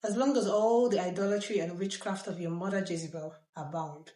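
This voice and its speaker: A ruthless warrior king gives blunt, commanding orders, read by a woman. The voice sits slightly low, and the room echoes around it. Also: fairly quick, warm tone, close to an everyday voice. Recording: roomy echo.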